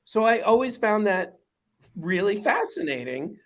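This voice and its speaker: A man with a New York accent, a documentary director talking as a guest on a video call, animated and joking. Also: high-pitched, measured pace. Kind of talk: casual video-call interview.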